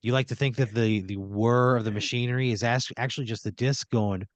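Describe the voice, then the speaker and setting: A man improvising a comedic story on a podcast, narrating in second person with deadpan, drawn-out phrasing. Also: mid-range voice, dry recording. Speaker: podcast host spinning a scenario.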